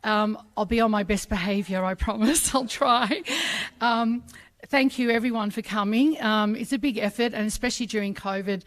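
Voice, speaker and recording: A woman's voice: mid-range voice, moderate pace. A middle-aged Australian woman speaking as ambassador at a public ceremony, chatty and self-deprecating with many ums. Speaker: Australia Day ambassador giving a speech. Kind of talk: ceremony speech.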